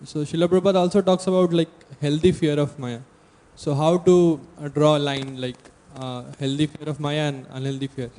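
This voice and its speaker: Man with a mellow voice, audience member asking a question hesitantly. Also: on the high side, little pitch movement, brisk, few pauses. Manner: hesitant, many fillers.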